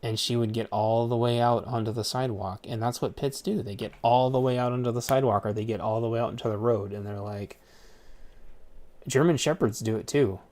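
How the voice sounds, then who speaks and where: A man's voice: medium pitch, fairly even intonation, fairly quick, darkish tone. A man ranting in a casual, rambling way, swearing often and repeating words as he restarts his sentences. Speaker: streamer. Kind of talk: casual rant.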